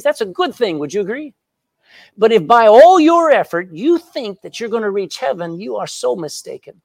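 A man preaching a sermon as pastor, emphatic and animated, often turning to the congregation with questions. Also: sits high, moderate pace, gravelly, dry recording.

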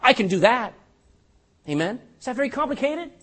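Husky-voiced older preacher, lively delivery. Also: male voice, very high-pitched, fairly quick. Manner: animated preaching with jokes and rhetorical questions. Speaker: pastor. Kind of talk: sermon.

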